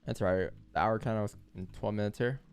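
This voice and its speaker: A man's voice: on the low side, steady tone, brisk, darkish tone, soft background music. A young man hosting a live trading stream, talking loosely and repeating himself as he walks through charts. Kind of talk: casual live-stream commentary.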